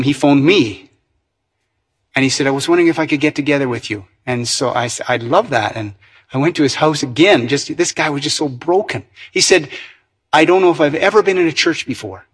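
Middle-aged Canadian man, husky voice, earnest sermon testimony. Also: mid-range voice. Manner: earnest storytelling with restarts. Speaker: preacher.

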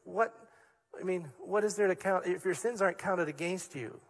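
A man's voice: sits high, moderate pace, in a large hall. A man preaching a sermon as a pastor, earnest and emphatic, repeating key words for weight. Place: church hall.

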